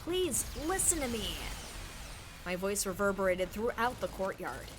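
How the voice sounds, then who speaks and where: A woman's voice: medium pitch, very animated, unhurried, over music. A woman streamer reading a game's dialogue aloud dramatically, joking and laughing along. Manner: playful, laughs often, reads lines dramatically.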